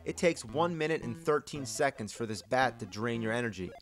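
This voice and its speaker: A man's voice: mid-range voice, expressive, brisk, soft background music, lightly acted. A man playing a foul-mouthed, short-tempered gamer. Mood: ranting. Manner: profane, exasperated ranting. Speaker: game reviewer. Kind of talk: comedic game review rant.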